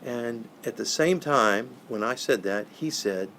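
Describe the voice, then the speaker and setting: An older man, a professional Santa, telling a moving story in an interview, earnest and halting, often repeating words. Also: mid-range voice, lively intonation, a bit bright, slight background noise.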